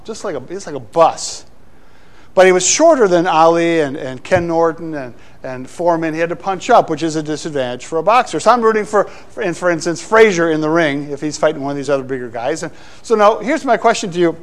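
High-voiced man preaching a lively sermon. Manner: animated, playful asides to the congregation. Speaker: pastor.

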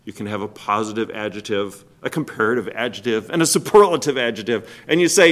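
A man preaching a sermon as pastor, asking the congregation rhetorical questions and swinging between loud stressed words and quiet drops. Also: mid-range voice, very animated, brisk, hardly any pauses.

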